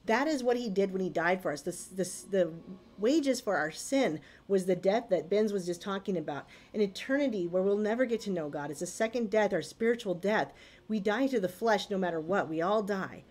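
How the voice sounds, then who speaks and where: A woman's voice: mid-range voice, expressive, brisk, a little mellow. Woman, livestream co-host, earnest, homespun analogies, casual preaching tone. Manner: earnest, explains with everyday analogies, acts out quoted dialogue. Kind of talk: casual religious livestream talk.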